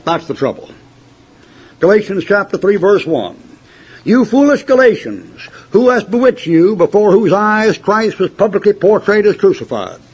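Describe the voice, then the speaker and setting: A man's voice: high voice, big pitch swings, moderate pace, a little mellow, breathy edge. An older man preaching a fiery, folksy sermon to a congregation, mocking his opponents and laughing at his own joke stories. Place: church before a congregation. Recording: dull lo-fi sermon tape.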